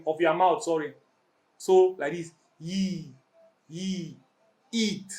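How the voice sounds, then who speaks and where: A man with a rather high voice teaches an English pronunciation lesson at a slow, deliberate pace. He demonstrates each vowel, repeats it patiently and keeps checking that the class is following. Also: a bit bright.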